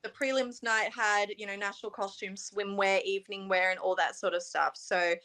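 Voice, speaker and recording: A young woman with an Australian accent talks in a bright, lively tone. She chats quickly and easily as an interview guest, with frequent ums and likes. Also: medium pitch. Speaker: pageant contestant guest. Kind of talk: casual interview chat.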